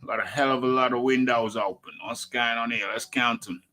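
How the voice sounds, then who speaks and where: Guy rambling thru a boxing livestream, talks about himself in third person, punchy bright tone, bit of music in the back. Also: mid-range voice, fairly even intonation, fairly quick. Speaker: boxing talk show host. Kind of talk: casual live-stream chat, reading an article aloud.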